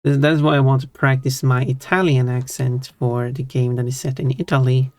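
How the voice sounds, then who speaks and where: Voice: mid-range voice, flat delivery, moderate pace, no room sound. A streamer with a Swedish accent chatting casually on a live stream, thinking aloud and answering chat. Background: faint background music.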